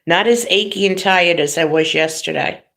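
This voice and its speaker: A woman's voice: on the low side, normal speed, vocal fry, a bit bright. A middle-aged woman hosting a livestream, telling family stories in a chatty way and laughing often. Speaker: livestream host. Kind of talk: casual chat.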